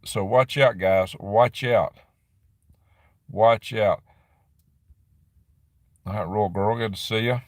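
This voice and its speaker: A middle-aged man runs a casual livestream from a dim room on his property, reading viewer chat and rambling through his answers with quick laughs. His voice is fairly low with fairly even intonation. The sound is dry and studio quality.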